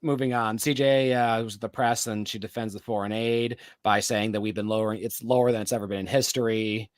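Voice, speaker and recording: A man's voice: fairly low pitch, steady tone, brisk, no echo. Rambling man on a dry mic. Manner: rambling, filler-heavy, many restarts. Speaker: podcast co-host. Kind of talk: casual chat recapping a TV episode.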